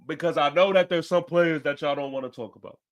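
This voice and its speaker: A man's voice: fairly high pitch, steady tone, fast, lo-fi sound. Emphatic man ranting after a game. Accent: New York. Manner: emphatic, repeats phrases, swears casually. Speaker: podcast host. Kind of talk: fan post-game rant.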